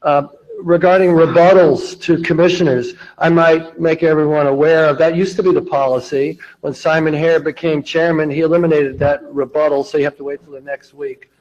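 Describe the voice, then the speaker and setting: A man giving public comment at a meeting, speaking in a measured way with hesitant fillers. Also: a little high, level tone, darkish tone, lo-fi sound.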